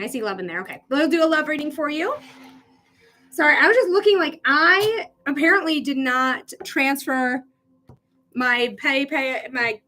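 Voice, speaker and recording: A woman's voice: sits high, bright, forceful tone. A woman hosting a live psychic reading stream, chatting casually with viewers and swearing now and then.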